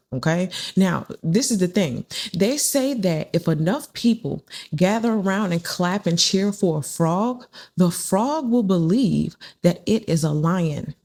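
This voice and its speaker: A woman with a lowish, warm voice gives a casual spiritual tarot reading. She's chatty and says the same phrases over and over, often acting out the people she's describing.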